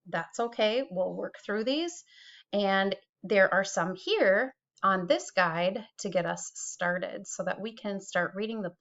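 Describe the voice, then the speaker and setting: A woman's voice: mid-range voice, lo-fi sound. A middle-aged woman teacher giving a chatty, self-deprecating recorded screen-share tutorial on a computer mic.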